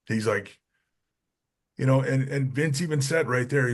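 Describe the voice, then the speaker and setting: Husky man telling wrestling stories. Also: moderate pace, pauses often. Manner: animated, acts out quotes with lowered voice. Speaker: podcast guest, former wrestler. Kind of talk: casual storytelling.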